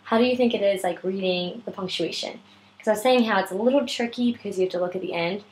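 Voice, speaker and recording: A woman's voice: mid-range voice, quick pace, darkish tone, rough recording. A woman with a sore throat patiently tutoring a child in reading, explaining step by step. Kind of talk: one-on-one reading lesson.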